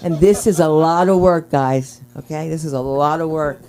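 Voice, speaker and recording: Brash low-voiced woman hosting stand-up. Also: normal speed. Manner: brash, rambling, swings into loud character voices. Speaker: open mic host. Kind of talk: stand-up comedy. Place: small comedy club stage.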